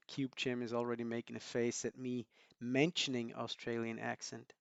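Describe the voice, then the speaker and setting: Male streamer, friendly unhurried chat with viewers, dry close sound. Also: medium pitch, flat delivery, gravelly, no room sound, muffled recording. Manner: friendly, greets chat viewers by name, chuckles often. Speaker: live-stream host.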